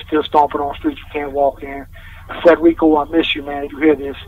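A man's voice: a little high, very animated, a little fast, creaky. A man calling in from jail, rambling through a story in casual street slang with heavy swearing. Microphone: phone call. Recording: distant, noisy phone line from jail.

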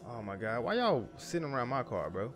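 This young father and YouTuber is very animated as he plays a survival game, talking a little fast in a medium-pitched voice while loud music plays behind him. He curses loosely and chats to himself and the game's characters.

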